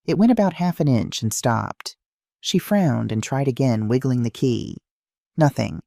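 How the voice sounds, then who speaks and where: Mellow, lively dramatic story narrator. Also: medium pitch, unhurried, gravelly, no room sound, studio quality.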